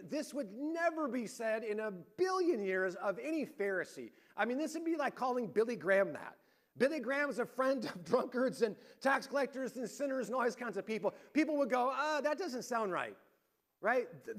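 Preaching a sermon, this man speaks in a strikingly high voice and at a slightly quick pace. His lively storytelling swings between rising emphasis on the big moments and near-murmured, hushed points.

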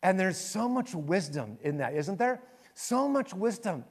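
A man with a notably high voice preaches a sermon as a pastor. He tells his stories in an animated way, rising into lively bursts and then dropping to soft, hushed passages. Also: measured pace, vocal fry.

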